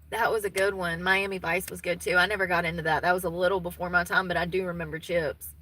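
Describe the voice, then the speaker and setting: A woman in her thirties with a Southern US accent has a casual, folksy chat with live viewers and laughs easily. Her voice is fairly low-pitched yet bright and forceful, and the recording quality is low.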